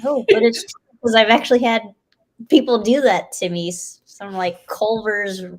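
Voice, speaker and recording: A woman co-hosting a live chat, relaxed, laughing often and trailing off mid-thought. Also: on the high side, moderate pace.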